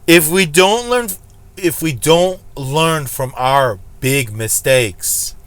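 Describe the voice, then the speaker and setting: A slots channel host speaks casually to his viewers about gambling in a slow, slightly high, fairly bright voice, with no echo. Blunt and preachy, he keeps repeating the same warning for emphasis so it sticks.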